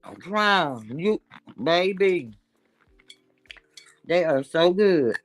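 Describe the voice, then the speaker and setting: A woman hosting a casual chat, blunt and animated as she gossips. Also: fairly low pitch, extremely slow, dry recording, soft background music. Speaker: show host.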